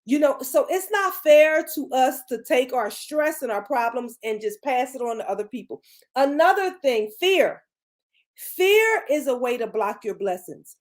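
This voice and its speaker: A middle-aged woman gives a motivational talk as a podcast co-host. Her voice sits high, and she drives her points home by repeating phrases. She sounds emphatic and a little preachy. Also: expressive, unhurried.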